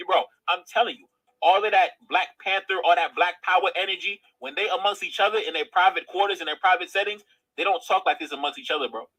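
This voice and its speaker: A man lays out his opinions bluntly, tossing in "bro" again and again. His voice is bright and forceful, pitched a little high. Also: fast, poor audio. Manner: blunt, repeatedly says "bro". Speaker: commentator in a played clip. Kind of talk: casual opinion commentary.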